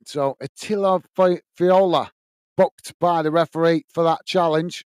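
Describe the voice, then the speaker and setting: A man's voice: on the high side, steady tone, unhurried, a little mellow, clear, resonant tone, no echo. A man hosting a live football watch-along, calling the play and cheerfully reading out viewers' messages. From United Kingdom. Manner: upbeat, reads out viewer messages and calls the play.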